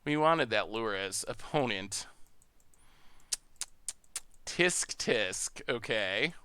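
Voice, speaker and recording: A man with an upstate New York accent hosts a live stream, chatting, thinking aloud and laughing often as he plays a card game, giving live gameplay commentary. His fairly low voice is animated yet very slow, pushed and bright but smooth, with no echo.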